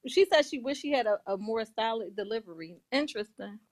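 High-voiced woman with quick teasing retorts. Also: expressive, darkish tone. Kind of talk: casual podcast chat.

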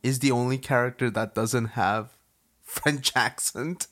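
A man's voice: mid-range voice, steady tone, unhurried, a bit bright. A man co-hosting a podcast in casual chat, opinionated and teasing, often breaking into laughter. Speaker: podcast co-host.

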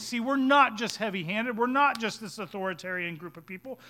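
A man preaching a sermon as pastor, swinging between hushed, low passages and loud, urgent ones. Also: fairly quick.

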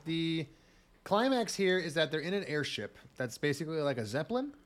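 A man's voice: a little high, very animated, a little fast. Sarcastic joking podcast guy. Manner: joking, sarcastic, calls everyone brother. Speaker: podcast co-host. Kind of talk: casual chat.

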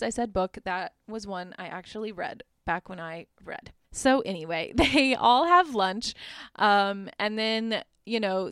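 A woman's voice: medium pitch, a bit bright, clean tone, no room sound, studio quality. A woman hosting a podcast, retelling a movie plot in a casual, chatty way, laughing often and filling her talk with "like.". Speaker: podcast host.

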